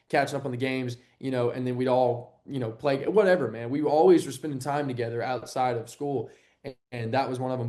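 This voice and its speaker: Lively young man from Texas. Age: young adult. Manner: animated storyteller, acts out quotes with a jump in pitch. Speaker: guest, TV sports anchor. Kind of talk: casual interview chat.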